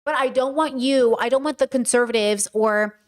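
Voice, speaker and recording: A woman's voice: on the high side, moderate pace. A young adult woman hosting a podcast, talking in a passionate, emphatic casual monologue that often repeats its points. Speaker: podcast host.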